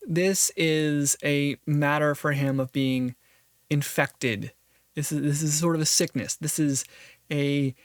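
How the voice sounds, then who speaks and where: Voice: medium pitch, dry recording, clean studio sound. A podcast host giving earnest, reflective solo commentary on a philosophy text, thinking aloud and restarting phrases often.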